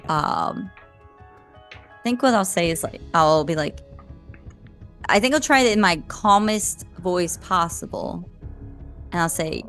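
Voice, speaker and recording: Woman player with a lower voice who thinks aloud with fillers; faint music under. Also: takes it slowly, pauses often, fairly bright tone. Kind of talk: casual tabletop play.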